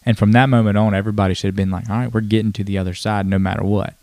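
A man's voice: lowish voice, level tone, very fast, darkish tone, no echo. A man reading and explaining scripture in a plain, earnest way. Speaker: co-host.

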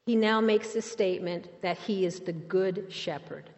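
A woman teaching a Bible lesson, emphatic and quick to put questions to her listeners. The recording is dull and muffled. A long hall reverb trails behind her voice. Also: mid-range voice.

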